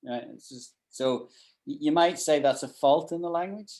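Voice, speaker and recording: A man's voice: fairly high pitch, normal speed, a little mellow. A man teaching an online English class, explaining usage with frequent restarts and repeated words over a video call. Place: at home in Ireland.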